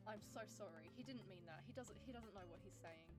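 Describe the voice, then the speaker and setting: A woman's voice: mid-range voice, very animated, moderate pace. A woman in a casual vlog clip, giddy and given to squealing and laughing. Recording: loud music under the voice.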